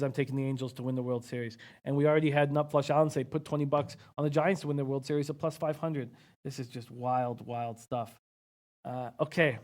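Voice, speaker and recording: A man's voice: medium pitch, a little mellow. A man hosting a live betting-picks stream, thinking aloud casually and reading out viewer comments with frequent hmms. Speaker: sports betting analyst host.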